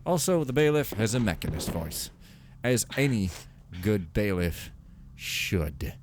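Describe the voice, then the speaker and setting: A man's voice: lowish voice, sing-song, unhurried, background noise. Joking man rambling over gameplay. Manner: joking, rambling, self-mocking. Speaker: Let's Play commentator. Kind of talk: casual gameplay commentary.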